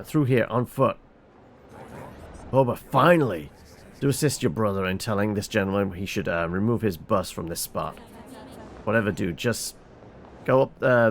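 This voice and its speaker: Lively man reading game dialogue aloud. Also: fairly low pitch, slight background noise. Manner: reads all characters, stumbling with fillers.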